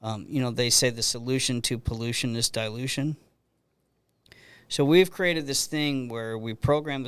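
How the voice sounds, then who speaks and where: A man's voice: medium pitch, fairly bright tone, clear, resonant tone, no room sound. A man hosting a podcast interview, telling stories in a rambling, conversational way with frequent restarts. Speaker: podcast host.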